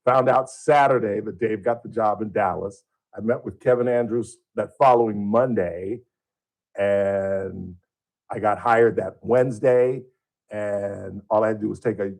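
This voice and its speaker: A radio host with a husky, slightly breathy voice tells a story from his career in a loose, conversational way. He acts out his own past outbursts, and his pitch jumps high when he does. He sounds like he is speaking in a studio. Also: darkish tone. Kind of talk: casual storytelling monologue.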